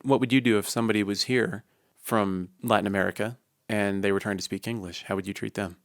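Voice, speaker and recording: Low gravelly guy chatting on a podcast, asks lots of questions, jokes around, dry close mic. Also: steady tone, fast, no room sound. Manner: curious, jokey, asks questions. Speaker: podcast co-host. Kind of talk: casual chat.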